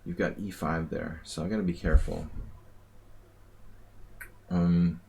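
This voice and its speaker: A man with a low-ish voice talking through a live game, muttering and thinking aloud as he goes. He teases his opponent in a casual, offhand way. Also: fairly even intonation, unhurried, creaky, warm tone, slight background noise. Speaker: chess streamer and commentator.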